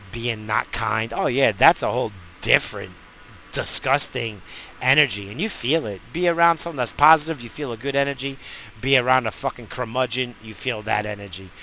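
A man rambles through a solo podcast monologue, crude, profane and quick to mock himself. His voice is bright and forceful, sitting in the middle range for a man. A faint hum of ambient noise runs behind him. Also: mid-range voice, rough recording. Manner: crude, profane and self-mocking. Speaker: podcast host.

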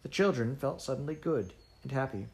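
A man narrating a storybook aloud in a steady, measured reading voice. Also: mid-range voice, creaky. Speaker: audiobook reader.

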